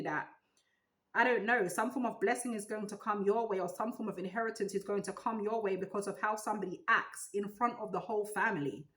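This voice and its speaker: A woman giving a tarot reading, musing aloud in a loose, animated way. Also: medium pitch, rough recording. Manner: animated, musing aloud, breaks into sung gospel snippets. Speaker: tarot reader.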